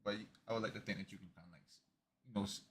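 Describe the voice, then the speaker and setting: A man's voice: fairly low pitch, steady tone, rapid-fire, a bit bright, slight background noise. A man playing a tabletop game, who rambles and searches for words as he describes his attack. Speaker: player. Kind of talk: casual tabletop chat.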